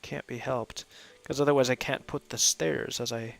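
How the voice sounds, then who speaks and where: A man hosting a co-op game stream, chatting casually and easily with friends, laughing often and thinking out loud as he plays. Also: medium pitch, fairly even intonation, moderate pace, creaky. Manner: thinks aloud with fillers. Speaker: gaming host playing with friends. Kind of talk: casual chat while gaming.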